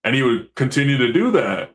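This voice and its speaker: A man, a commercial fisherman, telling stories in a casual, animated way, acting out quotes and swearing freely. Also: medium pitch, fairly quick. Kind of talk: casual storytelling.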